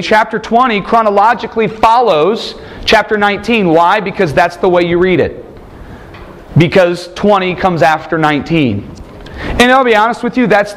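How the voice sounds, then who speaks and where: Lively man lecturing a class. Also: high voice. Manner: lively, quizzing students, joking asides. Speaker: Bible teacher.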